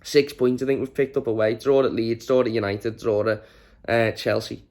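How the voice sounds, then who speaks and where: A worn-out man rants about his team's loss straight to camera. He sounds exasperated and drained, swears freely, and pitches at an ordinary middle register for a man. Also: little pitch movement, moderate pace, a little mellow. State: exhausted from little sleep. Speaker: fan channel host. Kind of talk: post-match reaction rant to camera.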